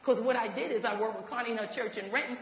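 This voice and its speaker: A woman in ministry telling a faith testimony, animated and laughing as she goes, acting out what others said. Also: on the high side, very fast. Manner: animated, laughs while talking, acts out quoted voices. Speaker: ministry leader. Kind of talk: testimony storytelling. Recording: echoey hall, dull lo-fi sound.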